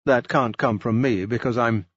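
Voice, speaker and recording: A man's voice: medium pitch, moderate pace, no echo, natural voice. Weary general, read by a man, terse, formal, dull lo-fi sound, dry. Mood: grim. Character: weary defeated male Russian general.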